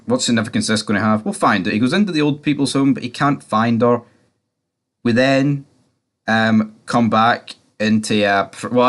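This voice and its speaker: A man talking through a TV episode in a loose, rambling way, with plenty of filler words and swearing. His voice sits a little low. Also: a bit bright. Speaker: TV series reviewer. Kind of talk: casual episode recap.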